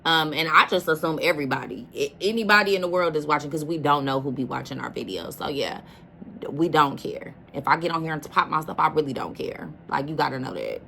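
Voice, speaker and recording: A woman with a lowish voice chats her way through a reaction video, casual and emphatic and quick to address her listeners directly. A faint hiss sits under the recording. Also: vocal fry, sharp tone. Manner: chatty, emphatic, calls listeners "baby".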